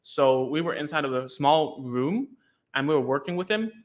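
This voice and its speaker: A man's voice: fairly high pitch, lively intonation, normal speed. A young man, a podcast host and former behavioural therapist, chatting casually and filling his talk with "like" as he explains. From Hong Kong. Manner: chatty, heavy use of "like", acts out sounds and reactions.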